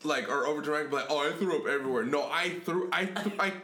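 A young man co-hosting a podcast, telling a story in a casual chat, animated, laughing often and swearing a lot. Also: on the high side, fast. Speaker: podcast co-host. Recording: echoey room.

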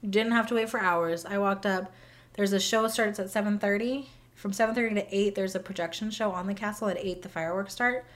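A woman's voice: medium pitch, a little fast. A woman co-hosting a podcast, chatting casually and enthusiastically recounting a trip. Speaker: podcast co-host. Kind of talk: casual chat.

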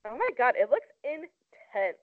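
A woman's voice: fairly high pitch, very animated, unhurried, no echo. A young woman co-hosting a casual celebrity gossip chat, talking loosely with lots of "like". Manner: chatty, heavy use of "like". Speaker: co-host. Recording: tinny phone-like sound.

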